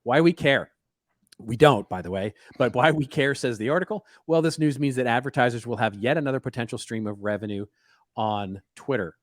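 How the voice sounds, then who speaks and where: A man's voice: mid-range voice, a little fast, no room sound, studio quality. A man co-hosting a casual podcast, reading news stories aloud and breaking in with wry asides. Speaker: podcast co-host.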